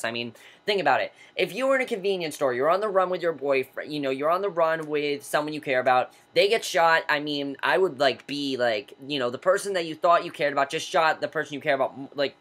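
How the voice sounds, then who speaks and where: A young man casually recapping and reviewing a TV episode, rambling and excitable, full of ums and likes. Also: a little high. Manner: rambling, filler-heavy, excitable.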